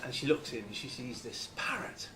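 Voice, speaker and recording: A man from Lancashire giving an informal talk to a club, halting and full of fillers and restarts. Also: medium pitch, very animated, background noise. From Lancashire, England. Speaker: guest speaker.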